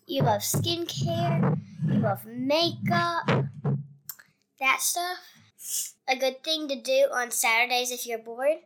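A young girl co-hosting a casual chat podcast, speaking. Her voice sits fairly high, and she talks slowly and unhurriedly, giggling and teasing bluntly. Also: a bit bright. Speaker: co-host, young daughter.

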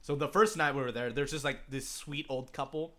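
A man's voice: mid-range voice, steady tone, brisk, bright, forceful tone. A young man, a podcast co-host, casually rambling through a story with lots of swearing and restarts. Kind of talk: casual chat.

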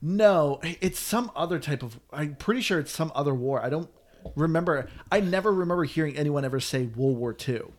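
A man's voice: fairly high pitch, animated, a little fast. A man hosting a casual chat, talking in a chatty, complaining way. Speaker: podcast host.

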